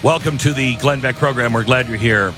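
A talk radio host with a medium-pitched voice speaks fairly quickly over music. His monologue rambles conversationally, and he keeps interrupting and restarting himself.

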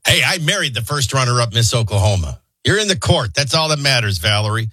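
A male morning radio host with a bright, forward tone and a slightly husky edge. He reads news headlines and banters with callers, tossing in joking asides. The studio sound is dry and close. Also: mid-range voice, sing-song, a little fast, no room sound. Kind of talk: news reading and call-in chat. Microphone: studio microphone.

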